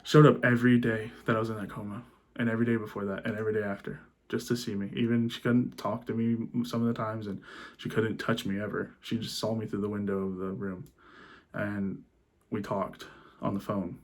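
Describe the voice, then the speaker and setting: A young man telling a personal story in a subdued, halting way, restarting his sentences and choking up at moments. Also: lowish voice, level tone. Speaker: vlogger.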